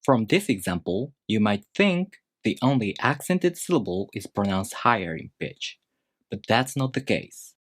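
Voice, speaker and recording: A man teaching a language lesson in a deliberate, scripted explanatory way, slowing down to demonstrate pitch on example words. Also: big pitch swings, no room sound, studio quality.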